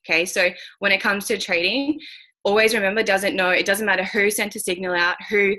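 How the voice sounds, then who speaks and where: A woman's voice: medium pitch, fairly even intonation, a little fast, pushed and bright. A woman speaking as a guest on a call. She talks frankly and bluntly, swears now and then, and uses many fillers. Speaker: guest speaker mentoring traders. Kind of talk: candid motivational talk on a call.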